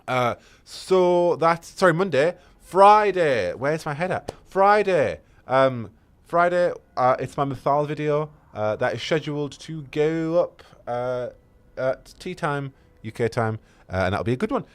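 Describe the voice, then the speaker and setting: A man's voice: fairly high pitch, animated, unhurried, clean tone. A man, a game streamer chatting casually with his viewers, rambling and enthusiastic with many fillers and restarts. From England.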